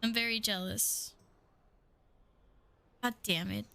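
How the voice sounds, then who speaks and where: A woman's voice: medium pitch, fairly even intonation, slow, gravelly, sharp tone. A young woman streaming a game, chatting casually with her viewers, playful, swearing freely and laughing often. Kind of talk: casual live-stream chat.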